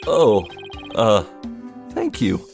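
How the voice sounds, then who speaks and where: A man's voice: fairly low pitch, huge pitch swings, very slow, vocal fry, a little mellow, soft background music, exaggerated voice. A man voicing a polite, earnest young defense attorney who hesitates often. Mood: hesitant.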